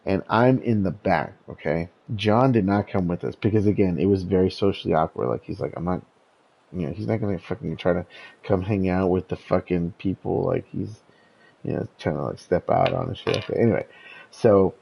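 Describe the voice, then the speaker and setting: A man's voice: low-pitched, brisk, vocal fry, slightly rough, highs cut off. A young man telling a story in casual chat, rambling and profane, with lots of stammered restarts. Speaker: podcast host telling a story.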